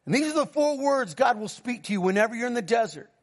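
Animated and fast-paced, a middle-aged pastor recounts his personal testimony during a sermon. He acts out his conversations with God, giving God a lower, quieter voice, and calls out to the congregation for responses.

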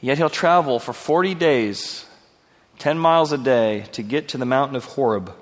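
A man's voice: medium pitch, moderate pace, in a large hall. A male pastor preaching a verse-by-verse sermon in an earnest, conversational way, asking his listeners questions.

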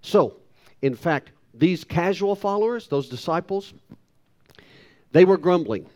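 Man in his sixties, pastor, sermon, animated swooping pitch, somewhat high voice, emphatic, self-deprecating. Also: unhurried. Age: 60s. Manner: emphatic preaching with wide pitch swings, self-deprecating asides.

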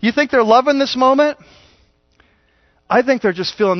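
A man pastor preaching a sermon in a conversational, animated storytelling way, on a dull lo-fi recording. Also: very high voice, normal speed, no room sound.

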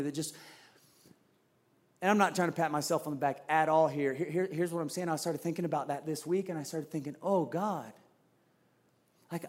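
Man, pastor, fairly high voice, conversational sermon, acts out quotes. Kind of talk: sermon with personal story.

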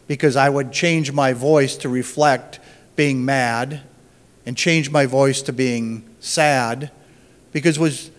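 Slow, halting man teaching scripture. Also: a little high, long reverb tail. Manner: halting, restarts phrases, thinks aloud. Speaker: Bible teacher. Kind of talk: informal Bible teaching.

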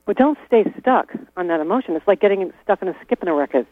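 A man's voice: sits high, expressive, fast talker, no room sound. A man talking casually as an interview guest, chatty, laughing often and restarting his sentences. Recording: tinny phone-like line with mains hum.

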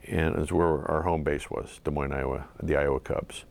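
A middle-aged former ballplayer from southeastern Pennsylvania talks through his memories in a very low voice. He speaks haltingly, with many fillers and restarts, reflective and unhurried in a casual interview. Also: fairly even intonation, creaky, a little mellow. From southeastern Pennsylvania, USA. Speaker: former pro pitcher, guest.

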